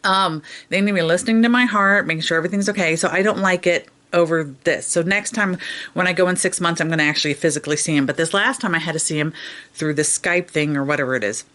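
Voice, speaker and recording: A woman's voice: fairly low pitch, fast talker, fairly bright tone. A woman in her forties chatting casually to camera as a vlogger, telling personal stories and acting out what others said. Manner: chatty, storytelling, acts out quoted voices.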